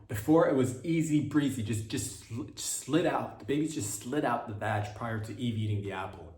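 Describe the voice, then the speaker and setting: A man delivering a rambling, irreverent comedic monologue as a podcast host, dropping into quick voices for quotes. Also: mid-range voice, darkish tone, echoey room.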